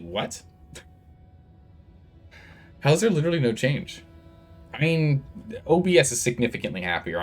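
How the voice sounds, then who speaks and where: A man streaming a game, chatting casually with viewers while fiddling with his microphone levels. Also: mid-range voice. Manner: chatty, distracted while fixing audio levels. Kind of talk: casual live-stream chat. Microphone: studio microphone with gain control.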